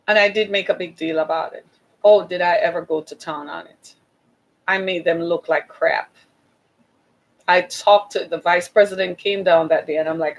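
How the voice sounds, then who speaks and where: A woman's voice: fairly low pitch, fairly even intonation, moderate pace, low-quality recording. A woman giving an impassioned talk to an audience, urgent and exhorting, repeating her points for emphasis. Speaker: speaker addressing an audience.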